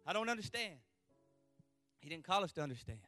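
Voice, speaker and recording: A man preaching a fervent revival sermon, repeating refrains and letting out whooping shouts. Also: high-pitched, big pitch swings, brisk, faint music behind. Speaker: pastor.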